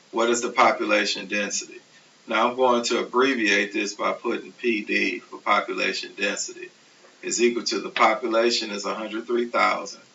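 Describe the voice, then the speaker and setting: A man teaching a recorded math lecture, explaining steps slowly and methodically. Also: on the low side, gravelly. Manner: steady, methodical explaining, self-correcting. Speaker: math instructor. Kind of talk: recorded lecture over slides. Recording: distant, dull, hissy classroom recording.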